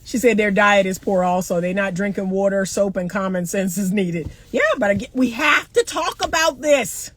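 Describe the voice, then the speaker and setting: A woman's voice: mid-range voice, moderate pace, hardly any pauses. A middle-aged woman relationship coach talking bluntly and animatedly to viewers, laughing often. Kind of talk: live-stream chat answering comments.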